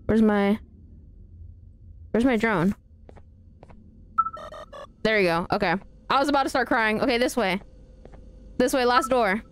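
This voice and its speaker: A woman's voice: fairly high pitch, a little slow, pauses often, a little hiss or hum. A woman live-streaming a horror game, chatting playfully with her viewers as she plays. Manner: chatty, playful, talks to chat. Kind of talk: live gameplay commentary.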